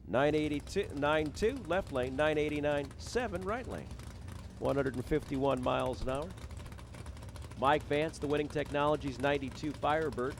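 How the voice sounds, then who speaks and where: A man's voice: on the high side, a little hiss or hum. A man calling drag races live as announcer, rattling off names, towns and times with a jokey, self-deprecating manner. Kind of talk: live race commentary. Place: drag strip. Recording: loud race cars behind the voice.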